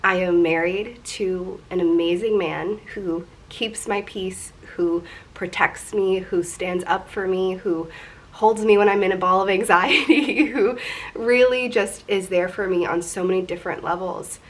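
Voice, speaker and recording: A woman's voice: medium pitch, measured pace. A woman in her twenties talking candidly and emotionally in a personal confessional vlog, rambling a little as she goes. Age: 20s. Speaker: vlogger.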